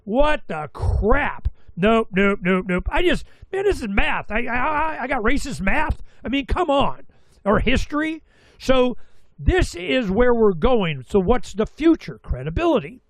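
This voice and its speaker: Casting: middle-aged male talk host, high voice, dry close mic, animated rambling storyteller. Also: unhurried, no echo. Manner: animated storytelling with quoted asides and mild cursing. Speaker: radio show host.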